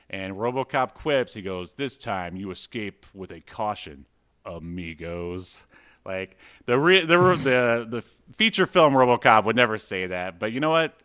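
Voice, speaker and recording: A man's voice: fairly low pitch, animated, normal speed, fairly bright tone, clear, resonant tone. A man co-hosting a podcast, chatting casually about a comic book with lots of fillers. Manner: rambling, lots of fillers, reads dialogue aloud. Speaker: podcast co-host.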